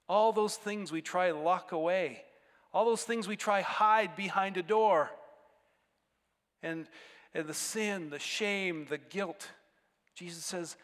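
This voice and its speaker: A man preaching a sermon as pastor of a church, earnest, swinging between emphatic rises and quiet drops. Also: a little high, takes it slowly, big-room sound.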